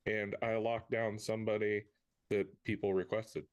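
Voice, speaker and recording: A man's voice: on the low side, flat delivery, moderate pace, no echo. A man co-hosting a woodworking podcast, laid-back and wry in casual banter. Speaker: podcast co-host.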